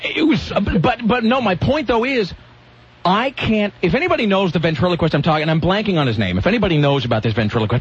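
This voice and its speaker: A radio host with a slightly rough, high-side voice tells a rambling story during casual on-air banter, frequently cutting himself off. It has lo-fi radio broadcast sound.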